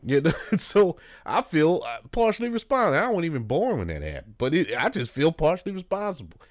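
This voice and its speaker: A man's voice: a little high, big pitch swings, brisk, no echo. Earnest New man, dry studio. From New Orleans. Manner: conversational, many fillers, earnest. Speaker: radio host. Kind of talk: casual spoken commentary.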